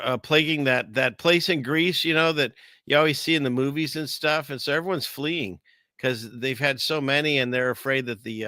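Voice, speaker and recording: A man's voice: mid-range voice, sharp tone, dry recording, clean studio sound. A man hosting a casual livestream, rambling through news stories with jokes and chatting with viewers. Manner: rambling, jokey, reads chat aloud. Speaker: online show host.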